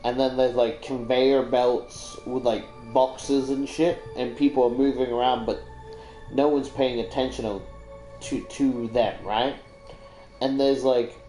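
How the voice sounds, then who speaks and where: Slow, rambling Australian man in echoey room. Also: medium pitch, warm tone. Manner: rambling, filler-heavy, swears freely. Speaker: YouTuber retelling a book. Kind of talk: casual story recap with commentary. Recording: echoey room with faint music.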